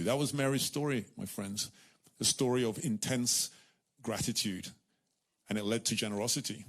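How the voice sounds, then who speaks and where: Animated man preaching a sermon. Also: mid-range voice, fairly quick. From United Kingdom. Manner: animated storytelling, repeats words, acts out voices.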